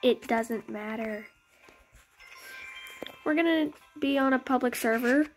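Young woman, high voice, slow unhurried talk, rambling gameplay chatter, faint game music behind. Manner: chatty, rambling, self-correcting. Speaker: gaming YouTuber. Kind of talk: casual gameplay commentary.

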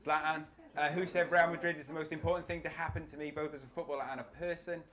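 A man's voice: a little high, flat delivery, fast, a bit bright. A man hosting a live football quiz in a coffee shop, chatty and jokey as he reads out the questions. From Wales. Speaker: quiz host. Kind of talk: reading out a live pub quiz. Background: crowd of quiz players.

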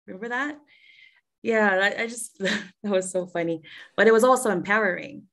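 Gravelly-voiced woman, chatty and laughing. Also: medium pitch, fairly quick. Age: young adult. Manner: chatty, laughs often, restarts sentences. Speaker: voice actor. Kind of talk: casual video call chat.

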